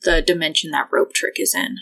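Woman game master, lower voice, calm and measured describing scenes. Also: vocal fry, rough recording. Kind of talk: narrating a tabletop game.

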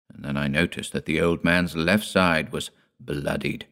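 A man narrating an audiobook in a measured, grave storytelling manner. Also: rumbling low, steady tone, a bit bright.

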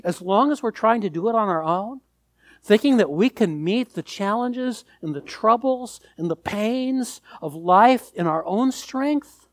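A man preaching a sermon, slow and deliberate, leaning hard on key words. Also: high voice, no echo, studio quality.

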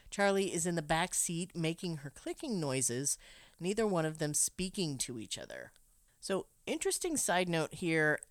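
Woman, low voice, podcast host recapping a movie with wry humor, dry close sound. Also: smooth, no echo. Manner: wry, laughs often, breaks into asides. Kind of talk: casual chat and plot recap.

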